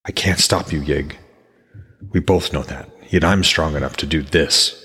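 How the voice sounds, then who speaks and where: A man's voice: a bass voice, unhurried, sharp tone, breathy edge, big-room sound, exaggerated voice. A man voicing a bitter, vengeful male trickster god who speaks in menacing accusations from a storybook. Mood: bitter, threatening.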